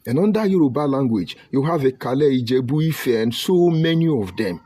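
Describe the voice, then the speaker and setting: A Nigerian man from Delta State giving an impassioned online broadcast, preaching emphatically and swinging between loud outbursts and low murmurs. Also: animated, brisk, no echo. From Nigeria (Delta State, Ika). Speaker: online commentator.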